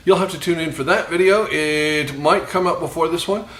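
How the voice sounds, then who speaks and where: A man hosts his own cooking video, chatting casually while frying food and tossing out self-mocking jokes with quick laughs. His voice is on the high side and a bit bright, and the sound is reverberant.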